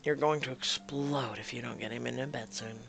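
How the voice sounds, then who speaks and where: A man reading a romance story game aloud in a soft, hushed narration, breaking off for dry, mocking asides. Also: medium pitch, steady tone, normal speed, vocal fry, noisy background.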